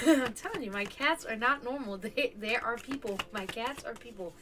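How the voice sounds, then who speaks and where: A woman hosting a home livestream, chatting casually and rambling, who laughs often, swears, and slips into high sing-song baby talk with her cats. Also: moderate pace, bright, forceful tone, low-quality recording. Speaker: esoteric stream host. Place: home, indoors.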